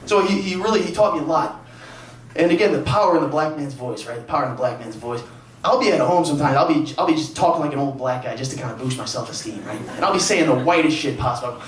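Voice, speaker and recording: A man's voice: fairly high pitch, quick pace. A man doing a stand-up set, telling rambling, self-mocking stories on a comedy club stage. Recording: echoey club from far off with laughing crowd.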